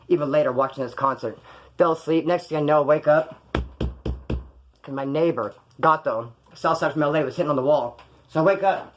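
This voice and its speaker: A man with a Californian accent and a slightly high voice tells prison stories in a casual, profane monologue, with a muffled recording. He's animated, swears, and often acts out other people's voices.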